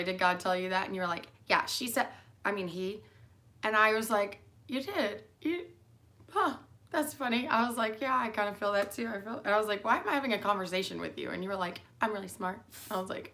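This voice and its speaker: Tired woman with a gravelly voice. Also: medium pitch, bright, forceful tone. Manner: meandering, with fillers and mid-sentence restarts. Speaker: mother speaking to her daughter. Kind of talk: rambling personal monologue.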